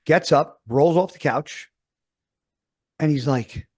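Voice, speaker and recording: A man's voice: fairly high pitch, slow pace, a little mellow. A man in his thirties, a podcast host, telling a rambling story in casual chat and swearing often.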